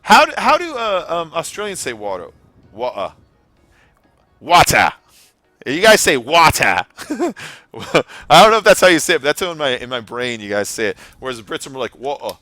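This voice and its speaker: A man's voice: a little high, wildly swooping pitch, fast, pushed and bright, no echo. A young American man chatting casually while hosting a game live stream, rambling and laughing at his own jokes. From United States. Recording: faint background music.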